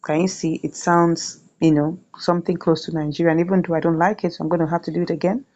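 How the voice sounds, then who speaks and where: Lower-voiced woman teaching casually. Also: level tone, fast talker, darkish tone, lo-fi sound, a little hiss or hum. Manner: chatty, repeats "right?" often. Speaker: YouTube tutorial host. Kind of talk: screen-share tutorial.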